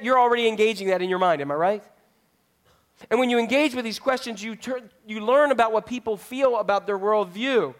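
High-voiced man preaching a sermon. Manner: conversational, quizzes the congregation. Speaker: pastor.

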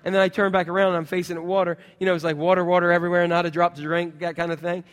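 A middle-aged man preaching a sermon as pastor, telling personal stories in a lively way with sound effects. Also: sits high, rapid-fire, smooth, in a large hall.

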